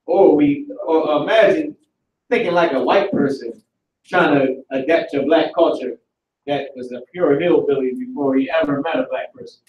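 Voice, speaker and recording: A man teaching an online Hebrew class in a casual, animated way, talking aloud as he works through the screen. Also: fairly high pitch, moderate pace, highs cut off. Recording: roomy recording from far off the mic.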